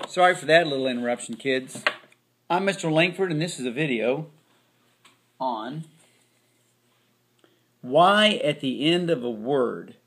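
A male teacher talks children through a phonics lesson at an unhurried pace. He stretches out each syllable as he sounds words out. His voice sits at an ordinary middle pitch. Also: fairly bright tone. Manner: slow, drawn-out sounding of word parts.

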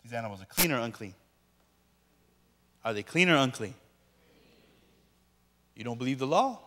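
A man's voice: medium pitch, lively intonation, moderate pace, long pauses, a bit bright, big-room sound. A man preaching a sermon as a pastor, emphatically questioning his listeners and repeating key points.

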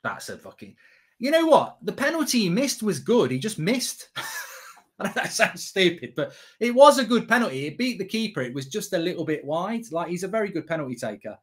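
A man giving excitable, sweary live reaction commentary as a streamer, half talking to himself. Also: sits high, fairly quick, breathy edge.

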